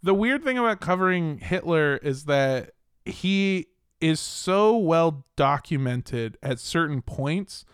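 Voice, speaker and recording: A man's voice: on the high side, lively intonation, slow, clear, resonant tone, no echo, studio quality. A young man hosting a comedic history podcast, telling events casually, joking and swearing, sometimes slipping into mocking voices. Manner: joking, profane, slips into mock voices. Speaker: podcast host.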